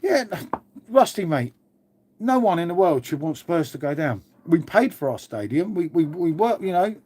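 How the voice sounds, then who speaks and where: A man hosting a live stream, chatty and blunt with plenty of swearing. His voice sits a touch high for a man and sounds close and dry, with no room around it. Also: sing-song, moderate pace, darkish tone, no echo. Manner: chatty, swears, repeats "mate". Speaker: livestream host. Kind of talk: casual live chat with viewers.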